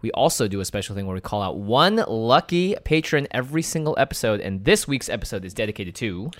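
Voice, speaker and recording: A man's voice: lowish voice, big pitch swings, fast. A man hosting a casual card game podcast, upbeat and laughing easily, also reading sponsor spots. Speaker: podcast host. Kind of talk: casual chat.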